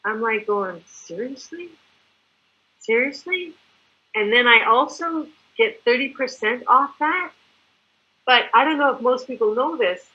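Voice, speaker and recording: Animated woman presenter, bright and high-ish, slightly muffled lo-fi audio. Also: moderate pace. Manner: animated, chatty, acts out examples. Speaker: product distributor presenter. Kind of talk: enthusiastic sales presentation. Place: living in Mexico.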